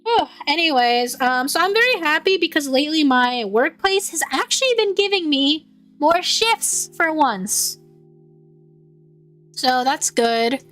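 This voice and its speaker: A woman's voice: high voice, lively intonation, measured pace, a bit bright, soft background music. A young woman streaming casual chat, stumbling over and repeating her words and laughing often. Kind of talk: casual chat, reading out chat messages.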